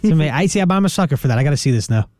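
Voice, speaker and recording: A man in casual chat, joking and animated, often restarting his sentences. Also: on the high side, very fast, dry recording, clean studio sound.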